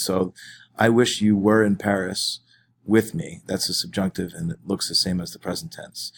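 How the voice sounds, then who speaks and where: A man's voice: lowish voice, gravelly. A man teaching his class in a recorded lesson, explaining step by step with small fillers and restarts. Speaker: French teacher.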